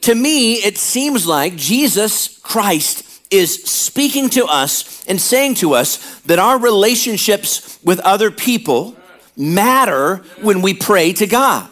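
A man's voice: high-pitched, very animated, takes it slowly, fairly bright tone. A middle-aged man, preaching a sermon in a conversational way and checking in with the congregation. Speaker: pastor.

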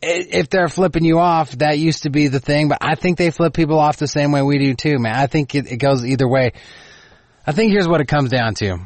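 A man's voice: on the high side, fairly quick, no room sound. Texan man with a southern drawl, bone-dry sound. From Texas. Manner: profane, laid-back, opinionated. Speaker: podcast co-host. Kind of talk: casual podcast banter.

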